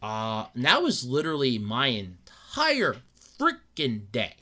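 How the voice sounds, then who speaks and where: Young male podcast host, bright tone, rambling and upset, stumbles and repeats himself. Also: mid-range voice, huge pitch swings, slow pace. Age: young adult. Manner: rambling, repeats words, acts out his own thoughts. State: upset and dejected. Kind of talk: casual solo podcast rant.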